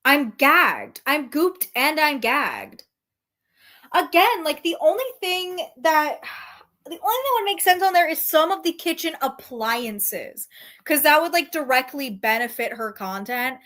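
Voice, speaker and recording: Woman streamer, high voice, casual profane commentary, snarky. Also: very animated, measured pace, pushed and bright. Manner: profane, sarcastic, reacts to chat.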